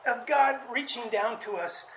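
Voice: fairly bright tone, slight background noise, rough recording. A preacher giving a conversational sermon, often restarting words and acting out quotes. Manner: conversational, halting delivery with frequent restarts; acts out quoted speech with raised pitch.

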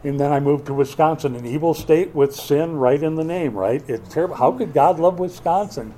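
A man preaching a sermon as pastor, swinging between loud emphatic bursts and quiet asides, with a wry, joking touch. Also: fairly high pitch, fairly quick, a little hiss or hum. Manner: wry, joking delivery with mock quotes.

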